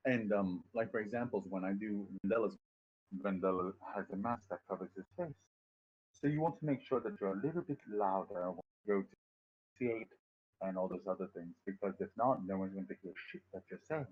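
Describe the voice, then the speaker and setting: A man's voice: low voice, brisk, breathy edge, muffled recording. A man casually teaching voice acting on a stream, rambling, swearing freely and poking fun at himself. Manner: rambling, profane, self-deprecating.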